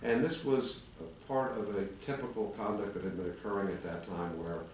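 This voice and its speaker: A man's voice: on the low side, moderate pace, a little mellow. A man in his sixties, an attorney, presenting a legal argument to a town commission in a formal public meeting. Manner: argumentative, building a legal case. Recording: echoey chamber, distant mic, faint hum.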